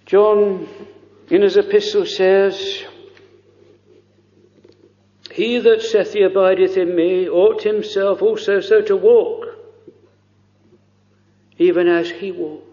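A man preaching a fervent, pleading sermon, full of drawn-out exclamations and quoted prayers. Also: high-pitched, fairly even intonation, warm tone. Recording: lo-fi recording in a reverberant church.

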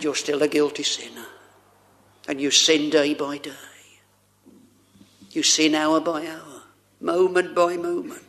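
A man's voice: on the high side, a bit bright. A man preaching a sermon, addressing the congregation with rhetorical questions and old-fashioned scripture wording.

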